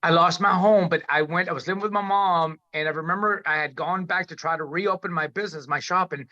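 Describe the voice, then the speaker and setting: A man's voice: high voice, fairly even intonation, fairly quick, sharp tone, dull audio. A man telling his recovery story as an interview guest, in an emphatic, candid way with frequent swearing and restarts.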